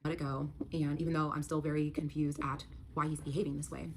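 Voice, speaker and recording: A woman telling her personal story in a quick, breathless storytime monologue. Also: low voice, level tone. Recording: noisy clip.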